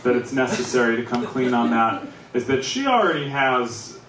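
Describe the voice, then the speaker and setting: A man's voice: mid-range voice, animated, normal speed, fairly bright tone. Wry storytelling man, echoey and distant. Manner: wry, conversational storyteller with frequent chuckles. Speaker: stand-up comedian. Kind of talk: stand-up storytelling. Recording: echoey, distant mic with noise.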